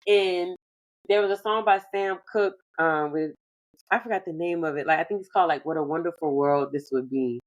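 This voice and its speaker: A woman hosting a relaxed conversation, reflective and loosely phrased with lots of "like". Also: sits low, a little fast, low-quality recording. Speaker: podcast host. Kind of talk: casual conversation.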